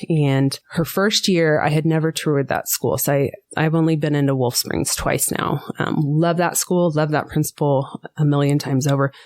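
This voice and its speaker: A woman being interviewed on a podcast, telling a personal story with lively energy and acting out the voices of people she quotes. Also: sits low, moderate pace, few pauses. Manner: animated storyteller who acts out quoted voices. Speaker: guest, school board member.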